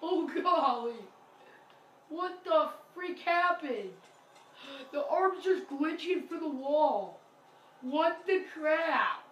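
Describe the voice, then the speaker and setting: A woman giving casual commentary over a zombie video game. She talks excitably, often exclaiming and apologizing to her viewers. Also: high voice, takes it slowly. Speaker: gameplay commentator. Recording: roomy, distant mic, noisy game audio.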